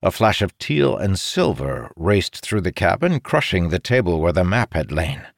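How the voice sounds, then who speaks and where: A man narrating a fantasy audiobook in a steady, measured reading. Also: low-pitched, gravelly, dry recording, clean studio sound.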